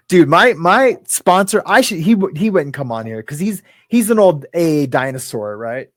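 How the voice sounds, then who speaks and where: A man's voice: on the high side, big pitch swings, measured pace, no room sound, studio quality. A man hosting a casual live stream, rambling, laughing often and greeting viewers in the chat by name. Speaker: livestream host.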